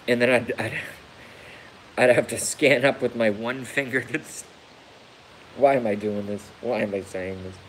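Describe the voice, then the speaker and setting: A man rambling slowly through a live stream on his phone, crude and self-mocking, and he breaks into laughter at his own jokes. He is hurt, so laughing pains him. A faint hiss sits under the voice. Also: mid-range voice, fairly even intonation, poor audio. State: injured, hurts when he laughs.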